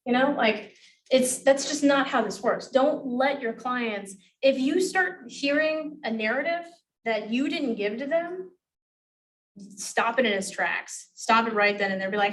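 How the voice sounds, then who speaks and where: Woman teaching agents how to negotiate, kinda high voice, cusses a lot, mic sits far off. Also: expressive, measured pace. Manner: blunt, swears freely, acts out dialogue. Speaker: real estate negotiation trainer. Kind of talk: classroom talk to agents. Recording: voice from a distance.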